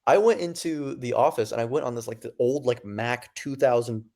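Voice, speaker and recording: Young man, twenties, podcast guest, casual storytelling, acts out quotes, mid-pitched voice. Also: normal speed, gravelly. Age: 20s. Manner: animated, acts out quoted dialogue; casual, many fillers and restarts. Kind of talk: storytelling in an interview.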